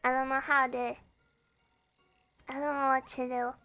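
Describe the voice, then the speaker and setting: A young woman streaming, with a hoarse, croaky voice, chatting hesitantly and reading viewer messages aloud. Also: sits high, level tone, bright, forceful tone, faint music behind. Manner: slow, hesitant, reads chat aloud and answers. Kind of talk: casual chat with viewers.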